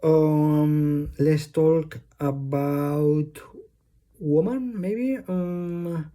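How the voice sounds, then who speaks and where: A man with a Spanish accent, a native Spanish speaker talking English, rambling through a personal vlog monologue with many pauses and fillers. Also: a little high, dark tone. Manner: hesitant, many fillers, loses his thread. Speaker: vlogger. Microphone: phone.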